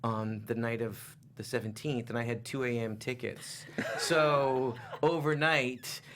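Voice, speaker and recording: A man in his forties from England, a guest voice actor telling stories in a chatty, relaxed way. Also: medium pitch, measured pace. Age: 40s. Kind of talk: casual interview chat.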